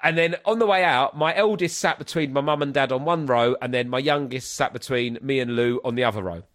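A man's voice: medium pitch, brisk. A man, a comedian and podcast host, telling a story in a casual chat and acting out the voices. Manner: animated, acts out voices.

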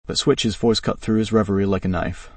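Low husky guy reading a story, dry sound, set back from the mic. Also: steady tone, brisk, a little mellow, dry recording, recorded from a distance. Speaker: narrator.

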